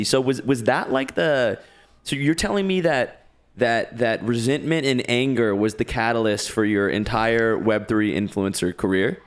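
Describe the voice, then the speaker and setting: A man's voice: medium pitch, normal speed. Rambling laid-back podcast host man. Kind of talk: casual podcast chat.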